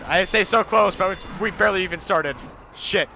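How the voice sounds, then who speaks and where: A young man with a high, bright, sharp voice chats his way through an online match. He plays a pompous king rallying his knights, then drops into casual cursing. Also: fairly quick, creaky, a little hiss or hum. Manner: mock-heroic king speeches, frequent swearing. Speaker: gaming channel host. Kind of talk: casual gameplay chat.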